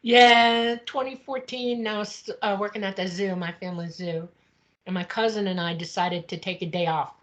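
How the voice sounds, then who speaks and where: A woman guesting on an interview show, telling a personal story in a chatty, expressive way. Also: medium pitch, normal speed. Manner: chatty and expressive, acting out quotes.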